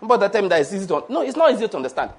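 Husky high-voiced preacher. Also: male voice, very fast. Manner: lively, laughs often, acts out quoted voices. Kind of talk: sermon.

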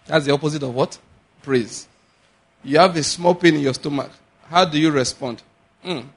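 A man preaching a sermon, animated, acting out little dialogues and slowing to a measured chant on scripture. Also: fairly high pitch, breathy edge. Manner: animated, acts out little dialogues and laughs often. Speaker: pastor.

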